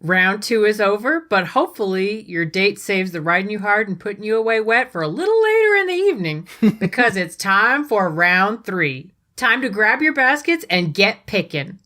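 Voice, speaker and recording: A woman hosting a comedy dating game show, delivering each round with playful innuendo. Her voice is bright and forward. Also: mid-range voice, very animated, moderate pace. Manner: cheeky, full of innuendo.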